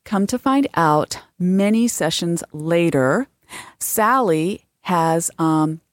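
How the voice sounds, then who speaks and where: A woman's voice: fairly low pitch, lively intonation, slow pace, no room sound, clean studio sound. A woman therapist co-hosting a podcast, explaining at length with frequent restarts and examples. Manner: explanatory, restarts often, tells client stories. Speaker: therapist and co-host. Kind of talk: casual podcast chat.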